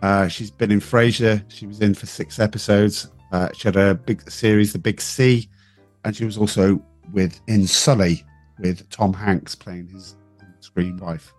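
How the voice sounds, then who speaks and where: A man's voice: on the low side, steady tone, a little slow, no echo, faint music behind. A man co-hosting a podcast, chatting casually about films in a teasing, wry way. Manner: teasing, wry, listing facts. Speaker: podcast co-host. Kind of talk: casual film discussion.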